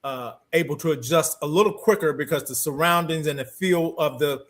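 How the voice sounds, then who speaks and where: Guy with a higher voice breaking down the big game, calm and steady. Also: brisk. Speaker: sports talk radio host. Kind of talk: casual sports analysis.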